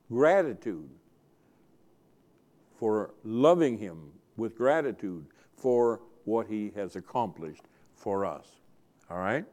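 A male pastor delivers a sermon in a voice of ordinary middle pitch. He leans hard on repetition, doubling key phrases to drive them home. His volume rises and falls sharply as he stresses points. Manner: earnest preaching, dynamic swings in loudness for emphasis; repeats key phrases for emphasis.

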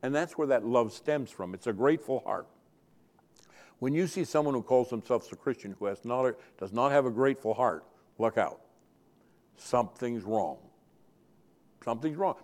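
A male pastor delivers a sermon in a voice of ordinary middle pitch. He leans hard on repetition, doubling key phrases to drive them home. His volume rises and falls sharply as he stresses points. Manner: earnest preaching, dynamic swings in loudness for emphasis; repeats key phrases for emphasis.

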